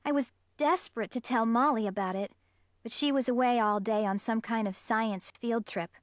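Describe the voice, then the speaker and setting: A woman narrating a spooky children's story in the first person, in a steady storytelling manner. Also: fairly high pitch, moderate pace, no echo. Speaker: audiobook reader.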